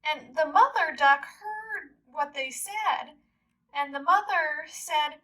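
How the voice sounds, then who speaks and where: A woman teacher retelling a story for English learners, repeating key words and explaining them deliberately. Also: high-pitched, pushed and bright, rough recording.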